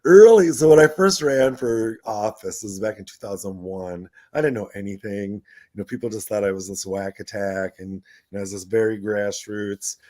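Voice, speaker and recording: A man co-hosting a radio talk show, telling lively stories and acting out quoted voices, often laughing. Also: fairly low pitch, normal speed, no echo. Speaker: radio show co-host, former city council member. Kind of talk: casual storytelling radio conversation.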